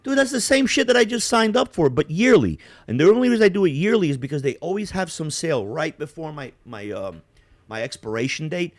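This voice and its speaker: A middle-aged man from Yugoslavia telling a long story in casual chat, animated and profane, acting out both sides of a phone call. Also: on the high side, brisk, no echo, clean studio sound. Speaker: podcast co-host.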